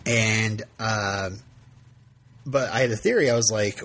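A man's voice: fairly low pitch, steady tone, measured pace, husky. A man hosting a podcast, retelling a TV episode in casual chat, rambling with frequent laughs and restarts. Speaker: podcast host.

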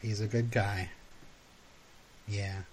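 A man's voice: takes it slowly, a little hiss or hum. A man co-hosting a movie commentary podcast, chatting casually and laughing easily. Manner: laid-back, chuckling, animated pitch. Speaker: podcast co-host.

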